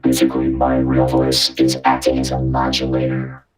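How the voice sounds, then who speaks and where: A man's voice: rumbling low, completely flat delivery, moderate pace. A man on a video call speaking through a vocoder, his voice turned into a robotic synthesizer sound. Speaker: guest producer. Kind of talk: casual chat. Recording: vocoder synth music loud behind the voice.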